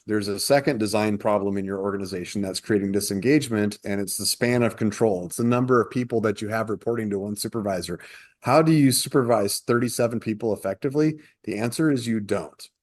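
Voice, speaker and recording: A man co-hosting a podcast from a shared office, talking through workplace problems in a casual, animated way on a headset mic. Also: lowish voice. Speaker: podcast co-host.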